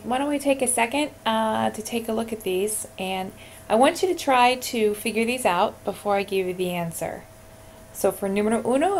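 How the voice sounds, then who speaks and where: A medium-pitched woman teaches Spanish verb endings through a screencast, narrating every answer while she types and offering encouragement. A little hiss or hum can be heard.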